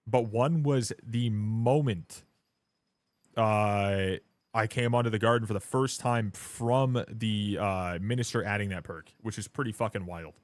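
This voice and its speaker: A man streaming a game live, chatting casually and rambling, swearing often and getting loud and hyped when thanking viewers. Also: on the low side, measured pace, no echo. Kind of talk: casual live-stream chat while gaming.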